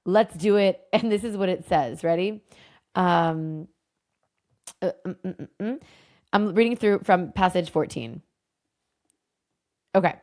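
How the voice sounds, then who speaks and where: A woman hosting a casual lesson, retelling a Bible story in an animated, enthusiastic, chatty way. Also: fairly low pitch, takes it slowly, long pauses. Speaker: host and Bible teacher.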